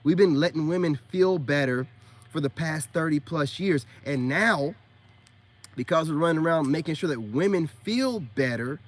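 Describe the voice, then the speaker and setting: A man with a fairly high voice preaches straight to camera in a loose, emphatic monologue. He leans on street slang and keeps asking rhetorical questions. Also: animated, normal speed. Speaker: self-styled spiritual coach.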